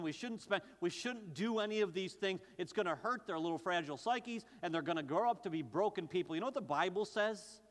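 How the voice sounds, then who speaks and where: A middle-aged man preaching a sermon as pastor, stammering and restarting, with quick bursts and slow, drawn-out scripture quotes. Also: sits high, fairly bright tone. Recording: long reverb from a large hall.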